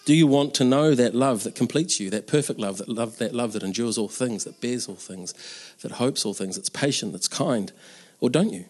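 A man's voice: medium pitch, moderate pace, darkish tone. A man preaching an Easter sermon in an earnest, conversational way, with casual asides.

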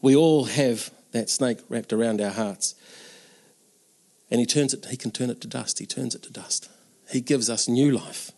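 A man's voice: mid-range voice, moderate pace, gravelly, a little mellow. A man preaching an Easter sermon in an earnest, conversational way, with casual asides.

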